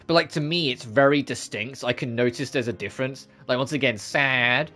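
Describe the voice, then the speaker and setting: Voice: mid-range voice, normal speed, a bit bright, soft background music. A streamer chatting casually during a game playthrough, rambling and filling sentences with "like". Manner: rambling, full of "like". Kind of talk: casual let's-play commentary.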